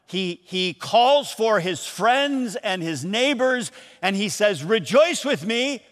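High-voiced pastor preaching in a reverberant hall. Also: male voice, slow pace. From Michigan, USA. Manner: storytelling, animated, acts out calls and quotes. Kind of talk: sermon. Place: church.

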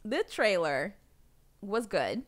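A woman's voice: very animated, slow pace. Chatty woman podcast host. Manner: chatty, laughs often, jumps high when quoting. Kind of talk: casual chat reacting to a movie trailer.

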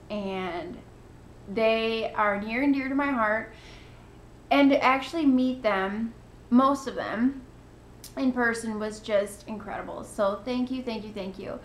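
A woman's voice: a little high, slow, a bit bright, reverberant, a little hiss or hum. A woman hosting a knitting podcast, chatting casually and gushing with thanks. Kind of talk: casual chat to camera.

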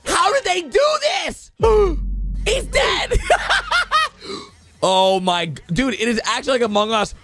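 A man giving excited reaction commentary as a video host, full of exclamations. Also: extremely high pitch, vocal fry, no echo. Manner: excitable, exclaiming, quick gasps and laughs. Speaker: YouTube host.

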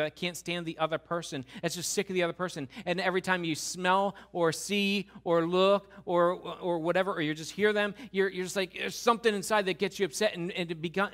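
A man preaching a sermon as pastor, talking in a conversational, animated way with quick asides and repeated restarts. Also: high-pitched. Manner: acts out what God and others say.

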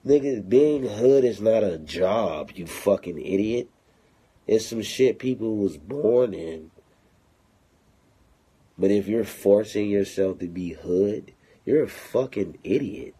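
Brief: low, mellow-voiced man, unhurried, cursing and taunting his critics on a phone livestream. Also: lively intonation, husky. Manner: profane, taunting, confrontational. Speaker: rapper streaming live to fans. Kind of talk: livestream rant.

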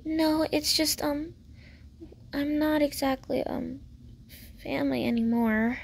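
A woman voicing a lonely, hopeful teenage girl who speaks softly and hesitantly. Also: high-pitched, takes it slowly, gravelly, voice pushed up, heavily acted. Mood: reassuring.

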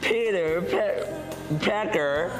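A man's voice: high voice, very slow, music in the background. A man playing as a game contestant, hesitant and stumbling over words, laughing at his own mistakes.

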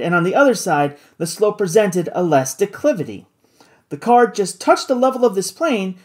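A narrator reading a classic adventure novel aloud in an expressive, dramatic way. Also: mid-range voice. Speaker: audiobook narrator.

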